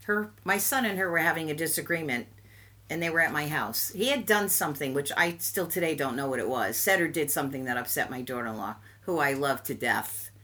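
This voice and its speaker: An older woman chatting casually, telling a family story with emphatic, animated delivery. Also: sits low, brisk. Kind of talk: casual chat.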